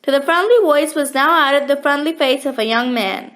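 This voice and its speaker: A woman narrating a children's chapter book in a gentle, expressive storytelling manner. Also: high-pitched, normal speed, hardly any pauses. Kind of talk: audiobook reading of a children's story.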